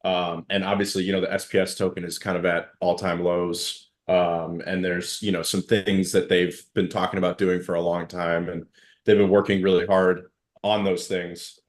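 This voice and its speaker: A man's voice: low-pitched, level tone, moderate pace. A man hosting a casual live audio chat and talking at length in loose, meandering explanations as a startup founder.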